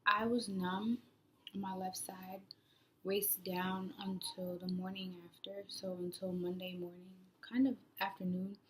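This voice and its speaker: A woman's voice: mid-range voice, flat delivery, unhurried. Young woman, casual vlog storytelling, loose rambling delivery, faint hiss in the background. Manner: rambling, frequent "like" fillers, drops to soft near-whispers. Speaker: new mother vlogger.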